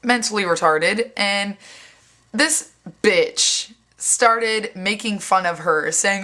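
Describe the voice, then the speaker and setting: Speaking slowly in a medium-pitched voice, a young woman vlogs a casual story with lots of energy. She voices other people's quoted lines, curses bluntly, and leans heavily on "like."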